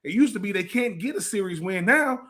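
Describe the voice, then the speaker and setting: A man's voice: high voice, lively intonation, brisk, sharp tone. A man co-hosting a casual sports talk show, emphatic and fond of repeating phrases for effect. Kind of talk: casual sports radio chat.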